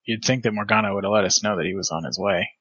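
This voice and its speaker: A man's voice: on the low side, fast, slightly rough, no echo, muffled recording. A man playing a tabletop role-playing game, chatting casually and narrating his character's actions with rambling asides. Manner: relaxed, rambling, trails off. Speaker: tabletop player.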